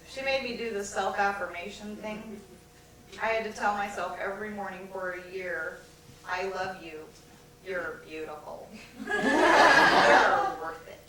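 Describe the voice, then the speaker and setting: A woman's voice: mid-range voice, noisy background, natural voice. A woman playing a sardonic, neurotic daughter on stage. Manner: sardonic, self-mocking. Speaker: stage performer in a one-woman musical. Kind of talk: musical theatre singing and comic monologue. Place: theater stage. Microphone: distant stage recording. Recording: echoey live theater recording from far off.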